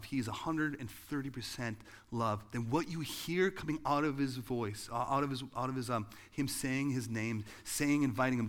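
A man preaching a sermon, swinging from loud, excited bursts to hushed, low lines as he acts out voices in the story. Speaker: pastor.

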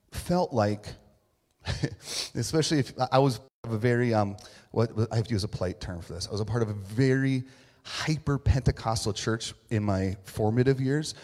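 A man's voice: medium pitch, a little mellow. A man giving a casual, joking sermon as pastor, acting out the voices of the people in his story. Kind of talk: conversational sermon. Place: church sanctuary. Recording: long reverb of a hall.

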